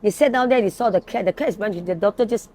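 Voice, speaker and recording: A woman's voice: medium pitch, racing, dark tone, a little hiss or hum. A woman with a Malaysian English accent, an animal rescue founder talking earnestly and telling stories as a podcast guest. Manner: earnest, storytelling, speaks her mind. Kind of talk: casual interview chat.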